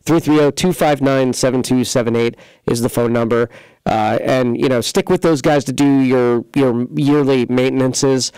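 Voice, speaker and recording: A man's voice: medium pitch, steady tone, moderate pace, darkish tone, smooth, no echo, low-quality recording. A man hosting a local computer repair talk segment, chatting in a rambling, folksy way full of fillers and restarts. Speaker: computer repair shop host. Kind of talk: casual local radio-style talk show. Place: studio.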